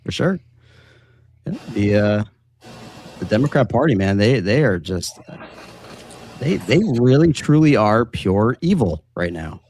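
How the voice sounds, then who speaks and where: Stream host: man, lower voice, relaxed, chatty, loose delivery. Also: unhurried, long pauses, a little hiss or hum. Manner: relaxed and chatty, many fillers. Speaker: host of a livestream show. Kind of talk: casual chat.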